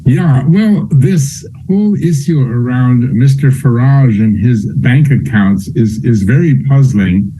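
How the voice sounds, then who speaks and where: Dark-toned man explaining finance. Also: medium pitch, low-quality recording. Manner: measured, explanatory. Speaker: finance expert guest. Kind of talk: talk show interview. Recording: faint background noise.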